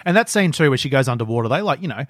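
A man's voice: medium pitch, lively intonation, racing, fairly bright tone, no echo, studio quality. A man with an Australian accent chatting enthusiastically as a podcast co-host, swearing freely. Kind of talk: casual chat.

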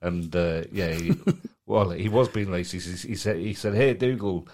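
A man's voice: low-pitched, fairly even intonation, moderate pace, a little mellow. A man with a Mancunian accent co-hosting a podcast, chatting casually and laughing as he tells stories. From Manchester, England. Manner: rambling, laughs while telling stories. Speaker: podcast co-host. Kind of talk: casual chat.

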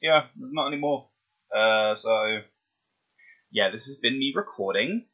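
A man's voice: medium pitch, measured pace, muffled recording. A man voice actor ranting between takes, sweary and exasperated.

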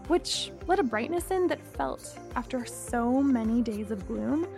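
A young woman reading a first-person story in a reflective, measured way. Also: a little high, animated, a little mellow, soft background music. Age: young adult. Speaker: narrator.

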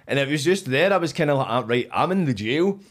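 A man's voice: on the high side, expressive, quick pace. A Scottish man telling stories as a podcast guest in casual chat, animatedly acting out his own past lines and swearing freely.

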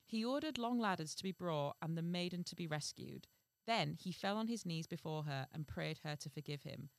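Lively woman comedian. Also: on the low side, gravelly, dry recording. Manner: animated, acts out quoted people, laughs often. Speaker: podcast co-host. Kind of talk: casual comedic chat and story reading.

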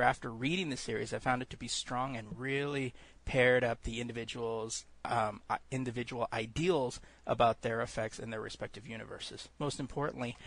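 Man, podcast co-host, gravelly, casual chat, loud joking impressions. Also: medium pitch. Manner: laughs often, does loud mocking impressions.

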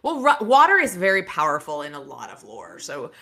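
A woman's voice: on the low side, wildly swooping pitch, brisk, fairly bright tone. A woman podcast host casually retelling a novel's chapters, rambling with fillers and restarts. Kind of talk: casual book recap.

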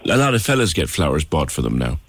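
A man's voice: rumbling low, very animated, fast talker, no room sound. A man hosting a radio phone-in, encouraging and folksy with his guests. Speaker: radio host. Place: radio studio.

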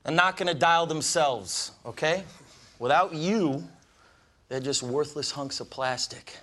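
An actor playing a brash male stockbroker boss who gives a fast, pushy pep talk to his salesmen. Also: on the high side, a bit bright. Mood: hyped, mocking. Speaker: film character.

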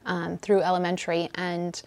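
A middle-aged woman from Southern California talks about her past in a low, gravelly voice. She speaks softly and reflectively, pausing often with hesitant ums as she gathers her thoughts. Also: monotone. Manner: soft-spoken, reflective, hesitant with many ums. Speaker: guest. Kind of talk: candid personal conversation.

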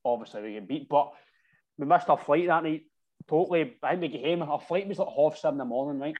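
A man's voice: on the high side, fast talker, lo-fi sound. A Scottish man, a football supporter, telling rambling drinking stories in casual chat, full of slang and "right?". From Scotland.

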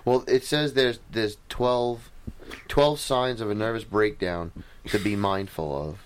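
A man's voice: lowish voice, unhurried, a little hiss or hum. A man co-hosting a podcast in casual chat, dryly reading items off a list. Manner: dry, reads items off a list. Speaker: podcast co-host.

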